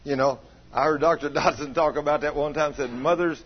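A man preaching, telling a homespun story to his congregation, teasing them, dropping to a murmur and then rising to excited exclamations. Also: on the high side, fairly quick, few pauses, slightly rough. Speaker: pastor. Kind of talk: folksy storytelling sermon. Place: church sanctuary. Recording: muffled lo-fi church recording.

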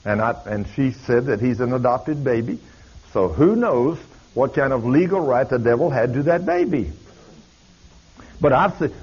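Husky preacher telling stories. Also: male voice, mid-range voice, a little mellow. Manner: folksy, emphatic, drawling. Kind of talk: sermon storytelling. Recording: dull lo-fi recording.

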